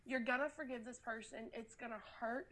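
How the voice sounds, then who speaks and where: A woman's voice: a little high, fairly even intonation, brisk, a bit bright. A woman, sick and out of breath, talking earnestly about faith as a podcast co-host, rambling with many fillers. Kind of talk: casual faith talk.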